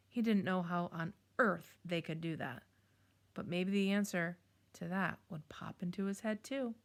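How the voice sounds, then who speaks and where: A woman reading a children's chapter book aloud in a calm, measured storytelling manner. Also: fairly low pitch. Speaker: storybook reader.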